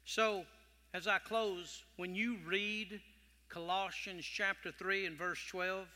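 A male preacher delivering an animated sermon, dropping to whispers and rising to loud calls. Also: high voice, slow. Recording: long hall reverb.

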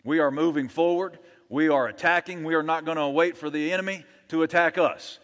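A man's voice: a little high, fairly quick, fairly bright tone, big-room sound. A male pastor preaching a sermon in an emphatic, rallying manner.

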